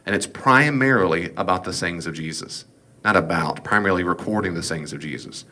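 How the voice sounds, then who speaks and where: A man's voice: deep voice, brisk, pushed and bright. A man giving a casual, folksy Bible class lecture, with jokes and asides. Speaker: Bible teacher.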